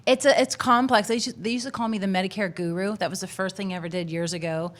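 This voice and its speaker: A woman's voice: mid-range voice, fairly even intonation, quick pace. Upbeat woman host interviewing. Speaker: interviewer and financial advisor. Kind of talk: interview chat.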